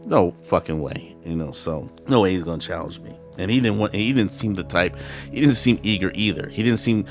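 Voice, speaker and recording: Middle-aged male host, deep gravelly voice, profane animated storyteller, faint music underneath. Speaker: podcast host telling a personal story. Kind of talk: casual storytelling monologue.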